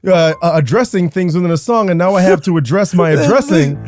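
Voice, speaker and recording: A man in casual comedic chat, playful and quick-witted, poking fun at himself. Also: high voice, a little mellow, faint music behind. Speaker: talk show guest and host voices. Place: studio couches.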